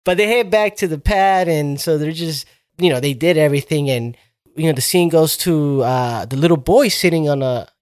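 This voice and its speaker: A man's voice: a little high, moderate pace, a little mellow, smooth, dry recording, studio quality. A young man in a casual chat, retelling a plot in a rambling, profane way.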